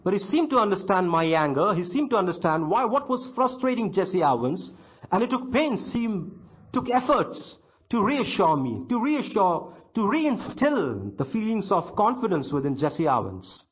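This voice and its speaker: High husky Indian English teacher. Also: male voice, big pitch swings. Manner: reads a line of the text, then repeats it in simpler words; halting, repeats words and restarts sentences. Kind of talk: classroom literature lesson, reading aloud and explaining. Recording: dull lo-fi recording.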